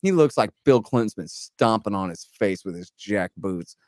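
A man's voice: on the low side, normal speed, no echo, studio quality. A man co-hosting a casual political podcast, rambling and sarcastic, acting out mocking quotes as he tells a story. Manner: rambling, sarcastic, animated retelling with mock quotes. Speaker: podcast co-host.

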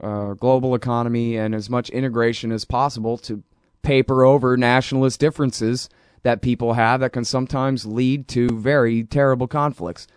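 A man's voice: medium pitch, clear, resonant tone, no echo, studio quality. A man hosting a political talk show, talking in a casual, rambling and sarcastic way. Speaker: radio show host.

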